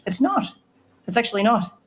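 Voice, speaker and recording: Animated, foul-mouthed Australian comedian. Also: male voice, sits high, moderate pace, heavy background noise. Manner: profane, animated, laughing through jokes. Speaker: stand-up comedian. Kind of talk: live stand-up set. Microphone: handheld stage microphone.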